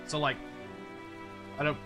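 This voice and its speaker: A man streaming a game, chatting casually and joking, often stopping and restarting his sentences. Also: unhurried. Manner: rambling, joking, self-interrupting. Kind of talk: casual gaming commentary. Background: game music.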